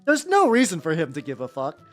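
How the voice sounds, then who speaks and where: A woman from America hosts a relaxed livestream, greeting chat and rambling while she paints. Her voice sits low but swings widely in pitch, and she swears freely. Soft music plays underneath. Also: brisk. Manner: rambling, profane, chatty with viewers. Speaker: miniature-painting VTuber streamer. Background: faint background music.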